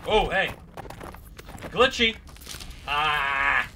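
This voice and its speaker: A young man calls out over a horror game, yelping and talking straight to the monsters chasing him. His voice sits high and sounds very bright. A faint ambient hiss runs underneath. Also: expressive, normal speed. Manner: jumpy, exclaiming, talks to the monsters. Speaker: gaming YouTuber. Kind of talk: live gameplay commentary.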